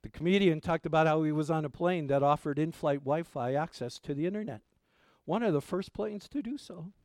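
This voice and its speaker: A male pastor delivering a sermon, his voice a touch higher than most men's and notably smooth and resonant. He keeps tossing rhetorical questions to the congregation, rising to loud emphatic lines and then dropping to quiet asides. The sound is dry and close, with little room around it. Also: brisk, no room sound.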